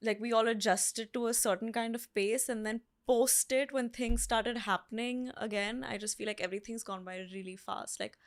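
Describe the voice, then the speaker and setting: A woman's voice: a little high, moderate pace, few pauses. A woman in her twenties with an Indian English accent, a guest speaking candidly and expressively in an interview. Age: 20s. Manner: candid, expressive, laughs easily. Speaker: actress guest.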